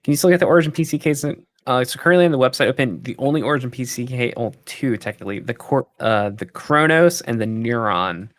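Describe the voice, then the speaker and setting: A man's voice: medium pitch, fast, hardly any pauses, dry recording. A man hosting a casual livestream and answering viewer questions in an easygoing way. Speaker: PC company livestream host.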